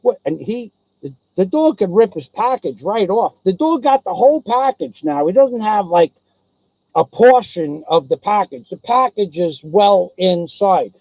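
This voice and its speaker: A man's voice: high voice, animated, measured pace, a little mellow, no room sound, poor audio. A man telling a casual personal anecdote, rambling and digressive with many restarts, blunt and salty in his talk. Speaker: storyteller.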